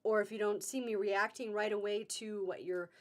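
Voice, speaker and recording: A woman's voice: mid-range voice, fairly even intonation, normal speed. A woman hosting a live-streamed fabric sale, chatting casually and upbeat, greeting viewers by name as she goes.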